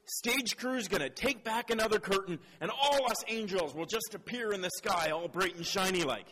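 Preacher with a higher voice in a reverberant hall. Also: male voice, expressive, a little fast, few pauses, sharp tone. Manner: playful, quizzing the audience, then earnest and reflective. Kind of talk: sermon.

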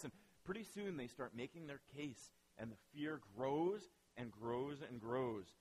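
A man preaching a sermon as pastor, telling stories with lively asides and acting out quoted voices. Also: medium pitch, a little slow, husky, rough recording.

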